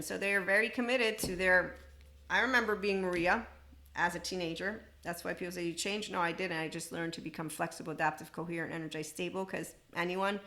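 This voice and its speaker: Female podcast host, low-set bright voice, blunt, rambling monologue. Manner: blunt, rambling and self-amused. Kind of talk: spiritual self-help monologue.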